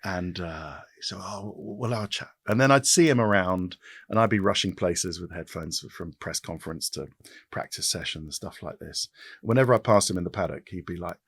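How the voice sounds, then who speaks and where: A man in his fifties, a podcast guest, talking in an animated way with quick restarts and repetitions. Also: low-pitched, breathy edge, no room sound. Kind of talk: casual interview chat.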